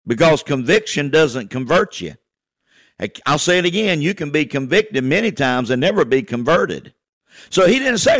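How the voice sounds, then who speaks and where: A man's voice: fairly high pitch, big pitch swings, normal speed, fairly bright tone, no room sound. A man preaching a fervent radio sermon, repeating phrases and calling out "amen" and "hey, listen" to his listeners.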